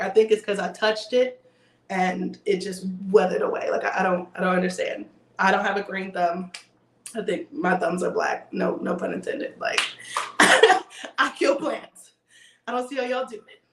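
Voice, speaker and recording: A woman's voice: medium pitch, roomy sound. A woman hosting a casual livestream, chatting and joking with viewers. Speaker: livestream host.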